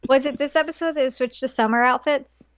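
A woman co-hosting a podcast, relaxed and chiming in with short reactions in casual chat. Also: high-pitched, brisk. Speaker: podcast co-host. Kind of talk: casual chat about an anime episode. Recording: dull lo-fi dry sound.

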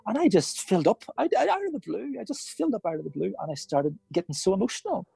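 A man speaks as a podcast guest in earnest, reflective conversation. His voice is gravelly, husky and mellow. The sound is dry, with faint music underneath. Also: sits high, very animated, quick pace, no room sound. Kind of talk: casual conversation.

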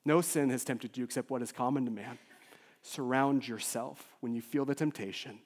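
A man's voice: medium pitch, steady tone, normal speed. Impassioned man preaching in a reverberant hall. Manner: emotional, swings between loud urgency and soft near-whispers. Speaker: lead pastor. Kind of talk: sermon.

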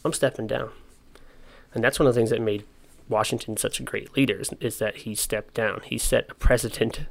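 A man's voice: lowish voice, steady tone, a little fast, creaky. A young man casually explaining history, with slangy, joking asides. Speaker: history presenter.

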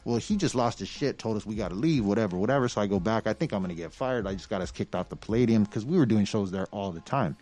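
A man spins a profane, lively yarn in a relaxed chat. He swears freely and acts out each quote as he goes. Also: on the low side, quick pace, few pauses. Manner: profane, animated storyteller who acts out quotes. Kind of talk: casual storytelling chat.

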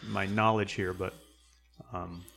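A young man telling stories in casual conversation, rambling with many fillers and acting out quotes loudly. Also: deep voice, level tone, slow pace, creaky.

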